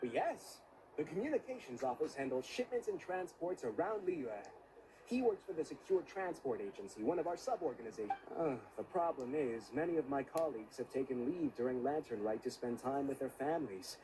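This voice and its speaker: A man's voice: medium pitch, expressive, brisk, dark tone, slight background noise, close to an everyday voice, rough recording. A man voicing a polite, busy official who speaks courteously with hesitant fillers, in game dialogue.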